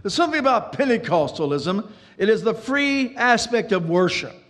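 A man delivers a sermon in a high, fervent voice, repeating himself and rushing then slowing. A long reverb trails every phrase in the hall. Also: very animated, a bit bright. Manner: dramatic preaching with repetitions and sudden pace changes. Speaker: pastor.

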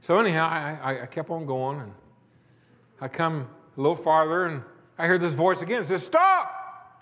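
A man's voice: on the high side, brisk, fairly bright tone. An older man preaching a sermon, telling a personal testimony in a folksy, emphatic way. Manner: folksy, rising to emphatic declamation. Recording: echoey hall.

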